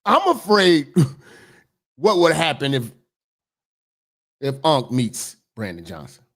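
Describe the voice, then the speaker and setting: Heated profane man ranting, lively pitch. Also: slow pace. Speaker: commentary host. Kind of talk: ranting commentary.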